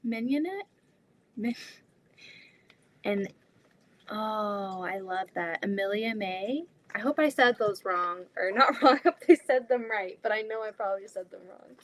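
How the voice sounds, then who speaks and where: A woman's voice: mid-range voice, fairly bright tone. A young adult woman hosting a casual live sewing stream, chatting freely, reading viewer comments aloud and laughing easily.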